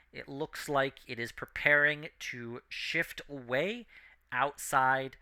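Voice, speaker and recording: A man narrating as game master, giving steady descriptions with casual fillers. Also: medium pitch, smooth.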